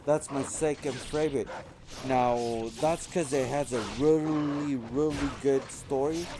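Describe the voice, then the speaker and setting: A man's voice: mid-range voice, steady tone, unhurried, noisy background. A man doing casual gameplay commentary as a let's play host, rambling and correcting himself as he goes. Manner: rambling, self-correcting storyteller. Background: game music playing.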